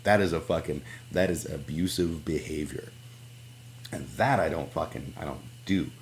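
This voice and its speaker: A man's voice: very deep voice, moderate pace, a little hiss or hum. A man streaming live who rants about a clip in a profane, sarcastic, casual way. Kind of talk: casual ranting reaction stream.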